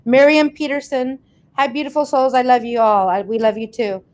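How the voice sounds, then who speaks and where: A woman's voice: a little high, steady tone, normal speed. A woman hosting a casual livestream, chatting and laughing as she reads out viewers' comments and thanks them by name. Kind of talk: casual live chat.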